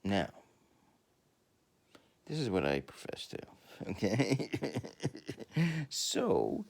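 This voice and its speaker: Gravelly man with a wildly swinging pitch. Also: huge pitch swings, extremely slow. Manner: profane, laughs often, swings from mumbling to shouting. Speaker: video host. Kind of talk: rambling casual monologue.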